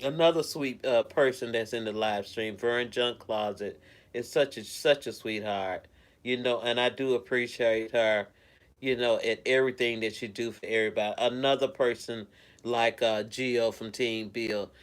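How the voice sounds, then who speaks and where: A man chats with his viewers on a live stream from home, talking in a loose, rambling way. He greets people by name and sounds caring toward them. His voice sits at an ordinary middle pitch. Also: steady tone, moderate pace. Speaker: live streamer reading chat. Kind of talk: casual live-stream chat.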